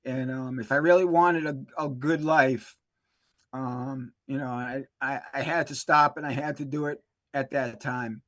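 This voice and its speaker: A man telling his recovery story in a halting, emotional way, full of fillers and restarts. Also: medium pitch, fairly even intonation, fairly bright tone, dry recording. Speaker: interview guest, recovery specialist. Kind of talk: emotional personal testimony.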